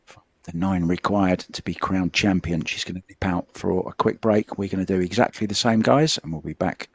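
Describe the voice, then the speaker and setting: A middle-aged man commentating on a pool final. His voice is very low and gravelly, with a husky edge. He talks in a chatty, reminiscing way, and the sound is dry and close. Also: steady tone, moderate pace, dry recording. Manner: chatty, reminiscing between shots.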